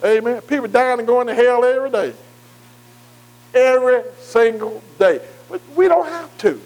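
A man's voice: extremely high pitch, expressive, moderate pace, darkish tone, rough recording. A man preaching a sermon in call-and-response style, emphatic and repetitive, often asking the congregation questions and stretching key words.

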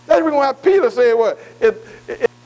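A man's voice: extremely high pitch, expressive, a little fast, a little mellow, low-quality recording. A man preaching a sermon in call-and-response style, emphatic and repetitive, often asking the congregation questions and stretching key words.

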